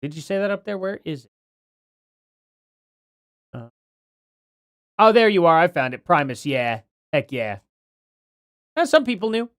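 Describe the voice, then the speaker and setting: A man's voice: a little high, big pitch swings, unhurried, pauses often, a bit bright, no room sound, studio quality. A man hosting a casual livestream, chatting and reading out donations, his words a little slurred from a bitten tongue. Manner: chatty, reads donations aloud, apologetic. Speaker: livestream host.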